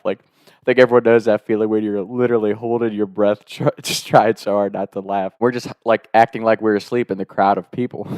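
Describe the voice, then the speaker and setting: Brief: young man, casual storyteller, lively and laughing, dry close sound. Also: mid-range voice, no room sound. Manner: animated, laughs often, profane.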